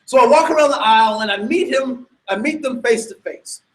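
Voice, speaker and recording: A man telling a personal story to an audience in an animated way, stammering into restarts and breaking into sudden loud bursts. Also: very high voice, brisk, rough recording.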